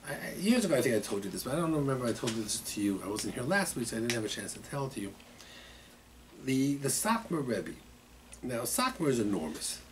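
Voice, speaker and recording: A man teaching as rabbi in a weekly Torah class, telling stories in an animated way with frequent repetitions. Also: mid-range voice, noisy background. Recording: distant mic in a room.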